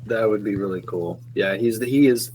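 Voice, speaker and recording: A man's voice: on the low side, moderate pace, darkish tone, a little hiss or hum, poor audio. Laughing, rambling male podcast guest. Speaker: show creator, guest. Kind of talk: casual podcast chat.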